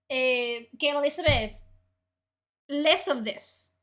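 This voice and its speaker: A young woman reacts to articles on her stream with furious, profane ranting and shouted outbursts. Her voice sits high and sounds animated, though her pace stays measured.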